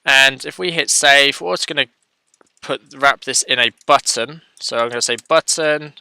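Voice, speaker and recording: A man's voice: mid-range voice, moderate pace, vocal fry, bright, forceful tone, clean tone, no room sound. A man hosting a casual coding tutorial, talking through his screen as he works and correcting himself as he goes. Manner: thinks aloud, self-correcting, chatty.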